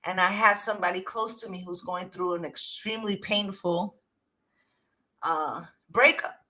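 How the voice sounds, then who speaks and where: Bright, emphatic woman tarot reader. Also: medium pitch, fairly even intonation, a little slow, poor audio. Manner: emphatic, profane, keeps asking "right?". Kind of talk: casual spoken tarot reading.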